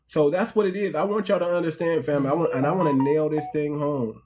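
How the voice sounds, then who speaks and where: A man's voice: fairly high pitch, steady tone, fast, a little mellow, slight background noise. A middle-aged American man hosting a casual livestream, talking animatedly to his audience, repeating himself and calling them family. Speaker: host.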